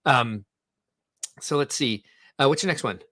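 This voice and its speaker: A man's voice: medium pitch, measured pace, sharp tone, no room sound, studio quality. A man co-hosting a casual podcast, rambling and reading out viewer comments. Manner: rambling, self-interrupting. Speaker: podcast co-host.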